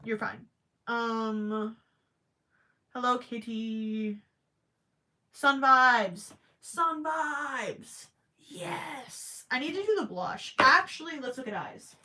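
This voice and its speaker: A woman with a higher-pitched voice hosts a relaxed crochet live stream, chatting to viewers as she works. She thinks out loud and stumbles into quick restarts. Her voice is cracking from hours of talking. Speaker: crochet livestream host. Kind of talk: casual live chat while crocheting.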